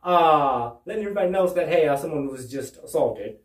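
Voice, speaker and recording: A man's voice: on the high side, expressive, brisk, distant mic. A man doing stand-up storytelling from home, rambling with restarts and "right?" asides. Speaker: stand-up comedian. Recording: roomy, away from the mic.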